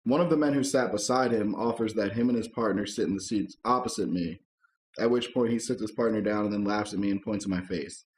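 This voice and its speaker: A man co-hosting a casual podcast, reading online posts aloud and chatting, laid-back and quick to chuckle and swear. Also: fairly low pitch, a little hiss or hum. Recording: echoey room.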